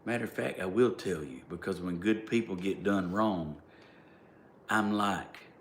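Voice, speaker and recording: A vlogger with a Southern American accent tells a rambling, casual story, leaning on "like" and breaking into emphatic bursts. His voice is deep and measured, with slight background noise, a roomy echo and faint ambience.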